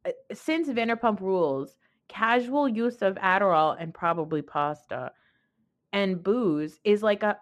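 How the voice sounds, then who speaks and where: A woman's voice: medium pitch, unhurried. A young adult woman hosts a podcast and talks through a recap in a loose, conversational way. She is opinionated and blunt, with a mid-range voice, and swears freely. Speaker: podcast host. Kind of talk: casual recap commentary.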